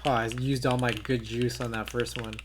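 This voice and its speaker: A man's voice: mid-range voice, little pitch movement, normal speed, background noise. A man streaming live, chatting casually with viewers while typing on a keyboard he built. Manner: laid-back, talks to chat while typing.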